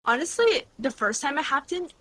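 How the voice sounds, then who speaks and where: A woman in her twenties, a guest creator, chatting casually in an interview with lively storytelling and lots of fillers. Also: high voice, normal speed, a little hiss or hum. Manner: bubbly, animated storytelling with frequent "like" and laughs.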